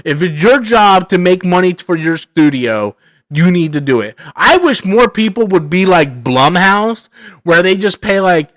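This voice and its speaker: Man, live stream host, casual rambling commentary, slangy, slightly high voice, dry room. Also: animated, measured pace, fairly bright tone, no echo.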